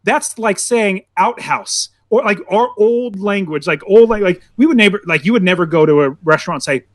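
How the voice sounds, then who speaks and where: High-voiced rambling podcast guy. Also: lively intonation, moderate pace, no room sound, clean studio sound. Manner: rambling storyteller, full of "like". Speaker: podcast co-host. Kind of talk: casual movie podcast chat.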